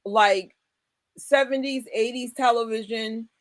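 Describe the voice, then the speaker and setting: A woman in her forties from the United States hosting a casual chat, emphatic and animated, often breaking into laughter. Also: on the high side, takes it slowly, no echo. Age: 40s. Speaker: host.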